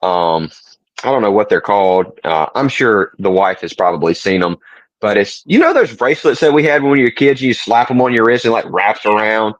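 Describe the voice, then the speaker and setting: A soft-spoken man with a Southern accent, co-hosting a casual podcast chat in a laid-back way. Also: lowish voice, sing-song, moderate pace, no room sound, low-quality recording. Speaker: podcast co-host.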